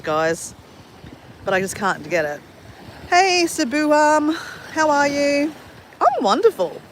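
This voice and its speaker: A woman's voice: a little high, fairly bright tone, slight background noise. Chatty Australian woman live on the beach. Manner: chatty, upbeat, greets viewers by name. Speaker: live-streaming vlogger. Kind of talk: casual live-stream chat. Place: outdoors at a beach at sunrise.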